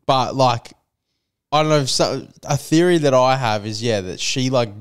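A man's voice: medium pitch, moderate pace, clean tone. Swearing, rambling podcast co-host man. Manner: swears constantly, loose rambling speculation. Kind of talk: casual chat.

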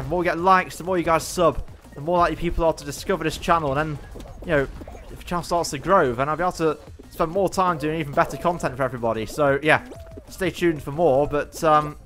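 A man giving excitable, self-mocking running commentary on his own gameplay as a gaming YouTuber. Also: a little high.

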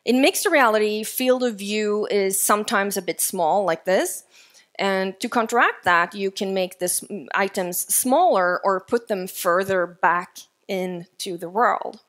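A woman speaking at a tech conference, presenting in a lively, conversational way with casual fillers. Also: medium pitch, unhurried. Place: conference stage before an audience.

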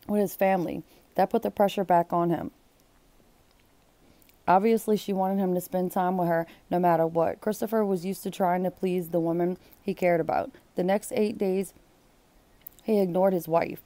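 Reading a book aloud, a woman with a fairly low, warm voice stops now and then for blunt, exclaiming comments between passages. There is no room sound.

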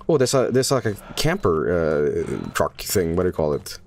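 A man from Sweden streaming a horror game, commenting casually, swearing and yelling at what happens on screen. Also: fairly low pitch, normal speed, hardly any pauses, background noise. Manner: excitable, profane, yells and laughs at the game. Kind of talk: live gameplay commentary.

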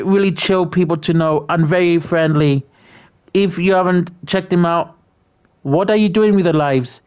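Livestream host, slow pace, casual chat, stammers and repeats words. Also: medium pitch, clean tone. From Britain. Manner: stammering restarts, repeats words, friendly shout-outs. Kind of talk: casual chat reading out viewer messages.

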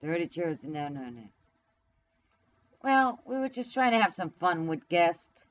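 A woman's voice: lowish voice, very animated, unhurried, lo-fi sound. A woman live streaming from home in New York, rambling casually to her viewers, blunt and profane as she talks back to the chat. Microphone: camera mic.

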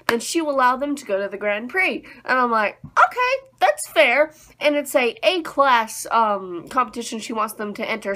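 A woman's voice: high-pitched, a bit bright. A young woman chatting casually through an anime episode review, rambling and acting out her own reactions.

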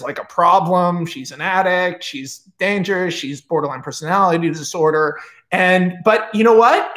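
A screenwriter pitches a film in a casual, rambling storytelling style, profane and energetic with plenty of asides. His male voice has a fairly bright tone.

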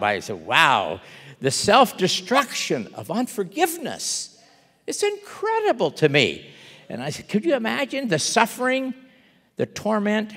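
A man's voice: sits high, creaky, in a large hall. A man preaching a sermon as a guest speaker, telling a parable with emphatic, acted-out dialogue. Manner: animated storytelling, acting out parable dialogue, emphatic. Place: church sanctuary.

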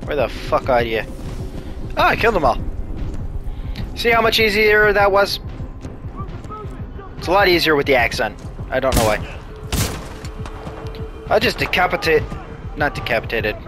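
A man's voice: a little high, sing-song, normal speed, pauses often, music in the background. A man commentating his own gameplay, swearing at enemies and mocking himself. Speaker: gaming video host. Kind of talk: let's play commentary. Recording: commentary over loud gunfire.

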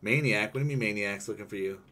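A young man streaming a game, commenting live in an excitable, swearing way and yelping when things go wrong. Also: lowish voice, fast talker.

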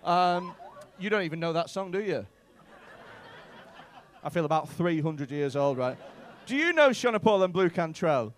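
A comedian works the crowd in a comedy club with profane banter and mock outrage. His voice sits high and swings through a wide, lively range. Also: unhurried, dry recording. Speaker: stand-up comedian. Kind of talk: crowd work in a stand-up set.

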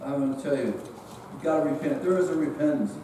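A man's voice: a little high, a little fast, warm tone, a little hiss or hum. A man with a Central California accent preaching a sermon in a church, telling stories in a folksy, emphatic way. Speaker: visiting preacher. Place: church sanctuary. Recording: echoey church from far off.

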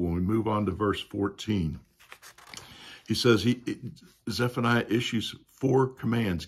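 A man leads a Sunday school Bible lesson in an easy, conversational way. His voice is low and husky. He often slips in "you know" and asks the class questions as he explains.

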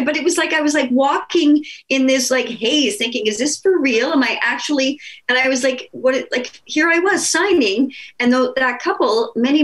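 A woman's voice: high voice, a bit bright. A woman on a video call from home, chattily telling a story as a panel guest. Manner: chatty, lots of "like" fillers. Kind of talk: casual anecdote telling. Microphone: video call mic.

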